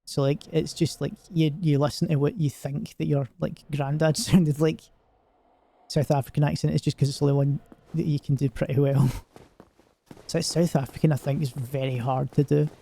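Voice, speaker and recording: A man's voice: on the high side, flat delivery, moderate pace, creaky, warm tone. A man streaming a game, chatting casually and joking in a rambling way with lots of filler words. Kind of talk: casual gaming stream commentary.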